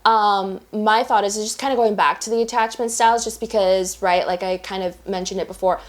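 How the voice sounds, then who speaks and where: A woman's voice: medium pitch, steady tone, a little fast. A woman co-hosting a casual podcast, asking a question with hesitant fillers. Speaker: podcast co-host.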